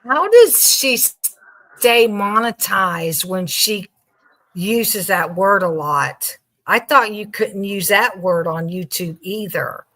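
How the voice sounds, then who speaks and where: Woman guest on a true crime chat, real slow talker, bright sharp tone. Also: medium pitch, expressive. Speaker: guest co-host. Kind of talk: casual chat.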